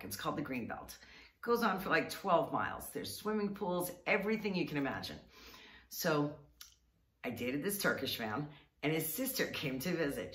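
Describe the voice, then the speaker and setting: A woman vlogger telling a funny story to camera in a chatty, animated way, often laughing and stretching out words. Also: very deep voice. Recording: roomy sound, mic at a distance.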